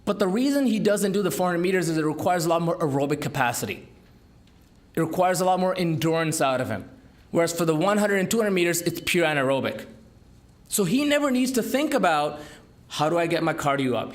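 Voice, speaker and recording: A man giving a business talk to an audience, with an emphatic, lively delivery and rhetorical questions. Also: high voice. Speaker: entrepreneur speaker. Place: conference room.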